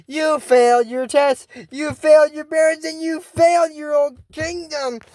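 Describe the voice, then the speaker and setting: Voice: high-pitched, moderate pace, warm tone, dry recording, clean studio sound, pitched above the performer's own voice, natural voice. A YouTuber voicing a villainous sorceress who berates others in a harsh, scolding way. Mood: berating.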